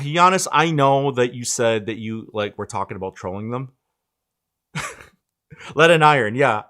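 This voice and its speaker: A man hosts a tech live stream from his home setup and rants with exasperation. His pitch leaps up and drops low as he talks, with plenty of lively swings. He keeps breaking off to speak straight to his chat. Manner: animated, exasperated ranting with asides to chat. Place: home studio, indoors.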